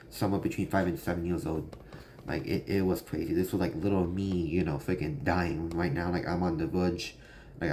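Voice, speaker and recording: A man's voice: low-pitched, darkish tone, a little hiss or hum. A young man telling a story from his childhood in a casual, rambling way, full of fillers. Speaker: vlogger.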